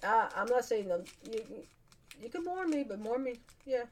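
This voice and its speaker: A woman's voice: on the high side, lively intonation, moderate pace, darkish tone, slight background noise. Chatty laughing woman with a twang. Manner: rambling, chatty, laughs often, casual slang. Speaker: podcast host. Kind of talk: casual solo chat.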